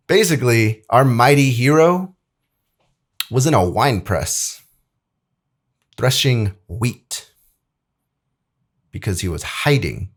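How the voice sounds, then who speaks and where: A man's voice: mid-range voice, lively intonation, takes it slowly, pauses often. A young man in an easygoing Bible lesson. He speaks loosely and chattily, full of fillers, and slips into reading scripture. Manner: loose and chatty, many "like"s, acts out quotes. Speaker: video editor presenting a Bible lesson.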